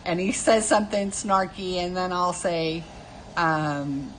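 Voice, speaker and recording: Woman, 50s, live stream host. Casual, chatty, self-deprecating, lower pitch. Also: takes it slowly, fairly bright tone, slight background noise, low-quality recording. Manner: chatty, self-mocking, laughs often. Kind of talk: casual chat while drawing.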